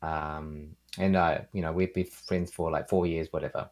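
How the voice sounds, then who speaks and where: A man with a New Zealand accent talks as a guest over a video call. His voice sits very low, and he rambles easily with plenty of ums and you-knows. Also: moderate pace. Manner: relaxed, rambling, lots of fillers. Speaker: guest, keyboard builder and streamer.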